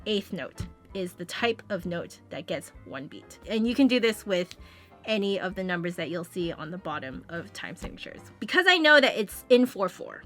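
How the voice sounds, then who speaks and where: Bright-voiced woman teaching music theory. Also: lowish voice, sing-song, moderate pace. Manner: chatty, explanatory, sings beats with "bum". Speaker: flute teacher. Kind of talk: casual music lesson explaining sight reading.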